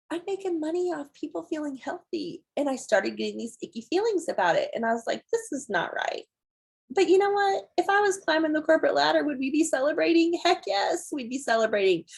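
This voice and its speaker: A middle-aged woman gives a chatty, excitable testimony on a video call and acts out her own reactions. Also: mid-range voice, breathy edge, rough recording. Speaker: team member giving a testimony.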